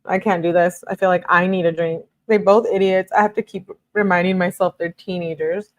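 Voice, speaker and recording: Woman, slightly low voice, true crime vlogger reading texts aloud, sarcastic and exasperated. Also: fairly even intonation, fairly quick, dry recording, highs cut off.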